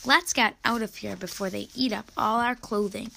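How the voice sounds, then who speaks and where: A woman voicing an eager, curious young girl in a children's story, with a bright, exclamatory delivery. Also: medium pitch, moderate pace, vocal fry, slight background noise.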